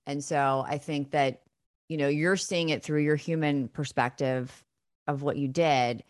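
Low-voiced earnest woman guest. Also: steady tone, a little slow. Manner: reassuring, earnest, affirming. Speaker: guest podcaster. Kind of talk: supportive conversation.

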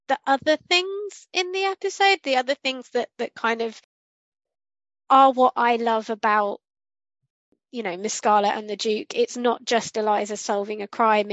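A woman's voice: on the high side, fairly bright tone, no echo, highs cut off. A woman co-hosting a casual podcast discussion, rambling and correcting herself as she goes and acting out what she was thinking. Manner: rambling, self-correcting, acts out quotes. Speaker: podcast co-host.

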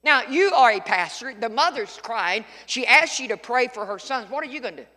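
High, bright-voiced man preaching in a hall. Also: lively intonation, moderate pace. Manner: preaching with folksy storytelling and emphatic outbursts. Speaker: pastor. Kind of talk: sermon.

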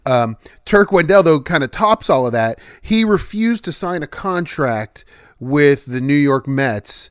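A man's voice: on the high side, expressive, measured pace, clean tone, no echo, studio quality. A man co-hosting a casual podcast chat, rambling with many false starts. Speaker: podcast co-host.

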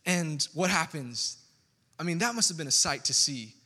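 A man preaching a sermon as pastor, in a conversational, animated way with asides to the congregation. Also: a little high, moderate pace, big-room sound.

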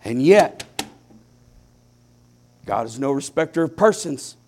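A man preaching a sermon, with impassioned swings between hushed, quiet lines and loud climaxes, drawing his phrases out slowly. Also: mid-range voice, lively intonation. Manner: slow, deliberate preaching with drawn-out phrases.

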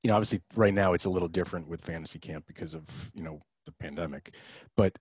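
A middle-aged man hosting a podcast, asking loose questions in a relaxed, casual way with plenty of fillers. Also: low voice, quick pace, breathy edge, dry recording. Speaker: podcast host. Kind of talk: casual interview chat.

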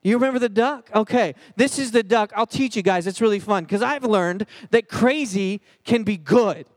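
A man with a high voice gives a comedic youth sermon to a live crowd. He is animated and jokey, addressing the listeners directly. The sound is dry, with little room echo. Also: normal speed. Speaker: pastor.

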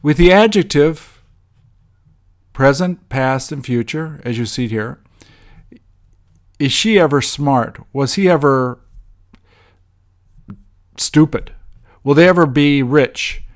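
A man teaching English grammar, walking through example sentences in a measured way with frequent ums. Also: fairly high pitch.

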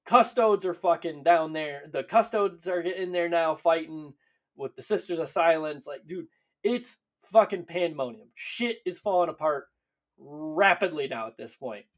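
A man co-hosting a podcast, retelling lore in casual, profane, animated chat and laughing often. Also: on the high side, unhurried. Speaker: podcast co-host.

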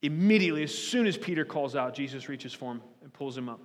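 A man's voice: mid-range voice, animated, fast, big-room sound. A man preaching a sermon as pastor, earnest and pleading, often restarting and repeating words as he builds his point.

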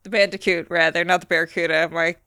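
A player in a tabletop role-playing game, joking with quick asides while speaking in character. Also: medium pitch, little pitch movement, creaky, sharp tone, clear, resonant tone, no echo, clean studio sound.

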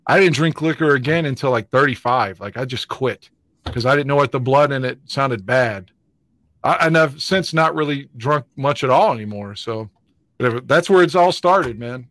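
A man's voice: medium pitch, moderate pace, a bit bright, dry recording. A middle-aged man hosting a podcast, telling blunt, profane, self-mocking stories in casual chat. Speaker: podcast host. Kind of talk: casual storytelling.

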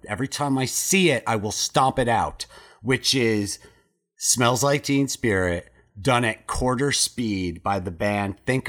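A man hosting a casual podcast chat, talking in an animated way, ranting and swearing freely. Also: lowish voice. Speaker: podcast host.

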